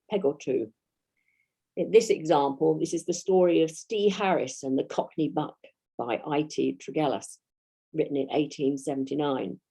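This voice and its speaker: A woman with a British English accent gives a history lecture, reading out dates and quotations at a measured pace. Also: low-pitched, dark tone, slightly rough. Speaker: historian giving a talk.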